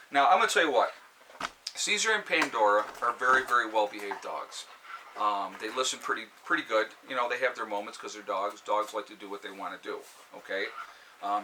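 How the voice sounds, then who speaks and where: A man's voice: lowish voice, noisy background. A man giving an opinionated casual vlog monologue, emphatic and ranting, checking in with frequent "okay?" asides. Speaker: vlogger.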